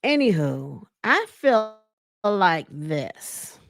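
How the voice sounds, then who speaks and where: A woman casually recapping a reality show, chatty and animated, retelling scenes with laughs and dramatic asides. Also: on the low side, extremely slow, gravelly, no echo, clean studio sound.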